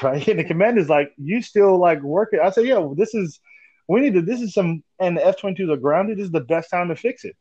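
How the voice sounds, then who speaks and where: A man in his forties hosting a casual chat, telling animated stories, laughing often and swearing casually. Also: high voice, a little fast, dry recording. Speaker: podcast host. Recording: dull lo-fi dry sound.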